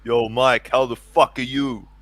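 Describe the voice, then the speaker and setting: A man's voice: mid-range voice, little pitch movement, measured pace, a bit bright, no echo. A man co-hosting a livestream comedy bit, heckling crudely and adding mock-formal asides. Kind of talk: improvised comedy banter.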